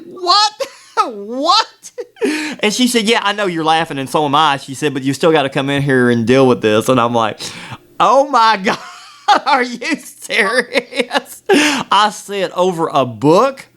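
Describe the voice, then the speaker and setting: A man hosting a podcast, telling a story in a rambling, animated way and often laughing. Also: medium pitch. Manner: rambling, with many restarts. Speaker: podcast host. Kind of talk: casual storytelling chat.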